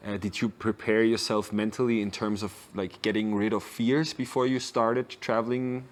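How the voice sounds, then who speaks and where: A man's voice: fairly low pitch, flat delivery, normal speed. A man, a native German speaker, hosting a casual podcast interview in a hostel and asking loose, rambling questions. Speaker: podcast host.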